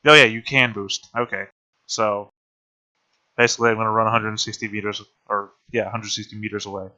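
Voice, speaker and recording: A man playing a tabletop game, joking and talking his moves through quickly. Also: fairly low pitch, steady tone, bright, forceful tone, highs cut off. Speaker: player. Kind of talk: tabletop game play over voice chat.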